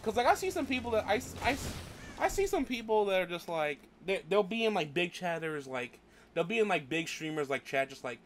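A man's voice: high-pitched, sing-song, fairly quick, fairly bright tone, slight background noise. A young man streaming a game, rambling bluntly and profanely while grieving. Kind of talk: casual gameplay livestream chat.

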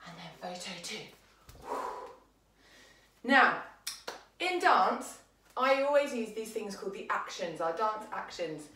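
Upbeat English dance teacher, echoey room. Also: female voice, medium pitch, expressive, slow, long pauses, pushed and bright, recorded from a distance, slight background noise. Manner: upbeat, counting beats and calling moves. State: out of breath. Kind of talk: children's dance lesson.

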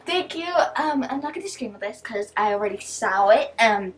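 A teenage girl chatting casually as she opens gifts, excitable, gasping and thanking over and over. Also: a little high, moderate pace. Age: teens. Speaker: vlogger opening gifts. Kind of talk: casual chat.

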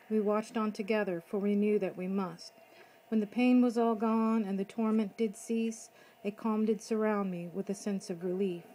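A woman reading her own rhyming poem aloud in a measured, rhythmic way. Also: mid-range voice, slight background noise, poor audio. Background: soft background music.

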